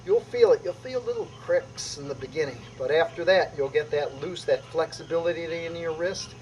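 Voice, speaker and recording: A middle-aged man with a fairly high voice leads qi gong exercises step by step. He talks with energy, punching out each strike with a loud "boom". Faint noise hums behind him. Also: moderate pace, lo-fi sound. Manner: energetic, emphatic, punctuating moves with "boom". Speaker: qi gong instructor. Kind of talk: demonstrating exercises on video.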